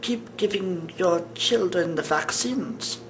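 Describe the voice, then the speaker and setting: Someone in a played clip voicing a sinister elite villain with a put-on German accent, slow and theatrical. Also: mid-range voice, a bit bright, slight background noise. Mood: menacing.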